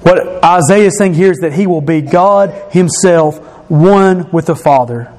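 A man preaching a sermon, explaining scripture verse by verse and repeating key phrases, slowing and dropping his voice for emphasis. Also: a little high, darkish tone. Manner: slows and drops his voice for emphasis.

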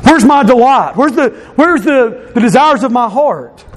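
High-voiced man giving an earnest testimony. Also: animated, a little slow, slight background noise. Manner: earnest, repeats phrases for emphasis. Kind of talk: personal testimony.

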